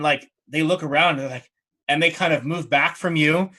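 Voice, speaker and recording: A man narrating as dungeon master, relaxed and halting with fillers. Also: fairly high pitch. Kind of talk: narrating a tabletop game.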